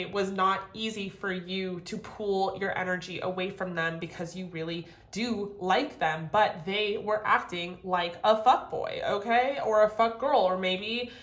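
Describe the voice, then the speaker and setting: A woman giving a casual tarot reading to camera, animated and profane, laughing often. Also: mid-range voice, roomy sound. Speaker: tarot reader.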